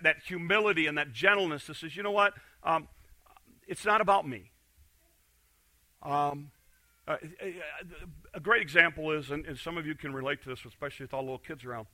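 Animated bright-voiced male preacher. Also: a little high. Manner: animated preaching, swings between loud emphasis and quiet intensity, many restarts. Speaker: pastor. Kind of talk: sermon.

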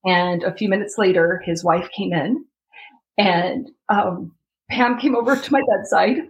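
A woman's voice: mid-range voice, low-quality recording. A young adult woman from the United States, telling a heartfelt personal story as an interview guest and acting out the voices of the people in it. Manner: heartfelt, acts out quoted voices, laughs between lines.

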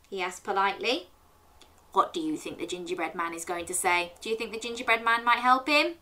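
A woman's voice: mid-range voice, fairly quick. A woman in her thirties hosting a children's story show, reading a picture book aloud and asking the young listener questions. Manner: animated, asks the listener questions and waits for answers.

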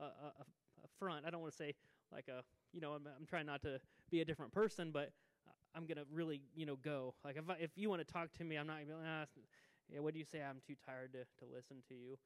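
Man, pastor, sermon, chatty and self-deprecating, smooth resonant voice, long church reverb. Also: a little high. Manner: conversational, self-deprecating, frequent restarts. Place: church sanctuary.

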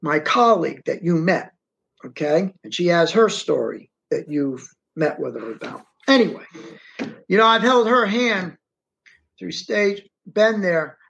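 A man's voice: high-pitched, very animated, a little slow, creaky, fairly bright tone. A middle-aged man, an interview guest, telling a first-person story in a rambling, repetitive way and often slipping into the present tense. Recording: dull, muffled audio.

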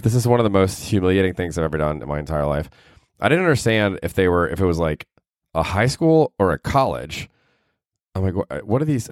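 A man's voice: sits low, darkish tone, no echo, studio quality. A young man hosting a podcast, telling stories in a casual, self-mocking way, laughing often and swearing a lot. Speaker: podcast host. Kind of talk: casual storytelling monologue.

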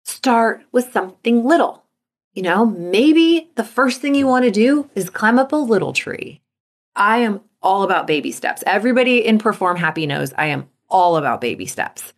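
As host of a motivation podcast, a woman coach keeps her tone upbeat and brings inner thoughts to life with a lively voice. She speaks at medium pitch and a moderate pace.

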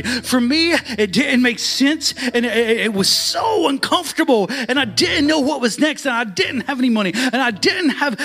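A man preaching a sermon in a notably high voice. He swings from hushed asides to fervent, chanted calls. Soft music plays faintly behind him.

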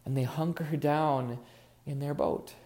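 A man's voice: on the high side, fairly even intonation, measured pace, a little mellow. A man preaching a sermon as pastor, earnest and musing, leaning on words for emphasis. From Oregon.

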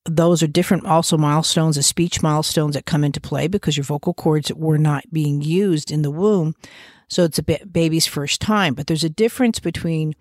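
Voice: mid-range voice, fairly even intonation, moderate pace, dry recording, studio quality. A podcast host who works with children, explaining infant development in a conversational way, with frequent restarts and fillers. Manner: gives warm, reassuring asides. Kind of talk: casual explanatory podcast talk.

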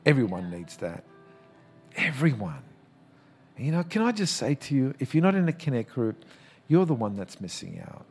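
A man's voice: on the high side, very animated, fairly quick, a little mellow, soft background music. A man who is a pastor, preaching a sermon with emphatic, passionate calls and chatty storytelling full of restarts. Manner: conversational storytelling with repeated restarts.

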